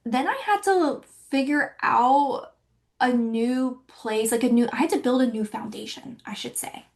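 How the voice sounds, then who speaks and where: A woman's voice: a little high, gravelly. A woman in her early thirties hosting her own podcast, talking candidly and chattily with many fillers as she reflects on her life. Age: 30s. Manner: candid and chatty, many likes and you-knows. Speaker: podcast host. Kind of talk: personal reflective monologue.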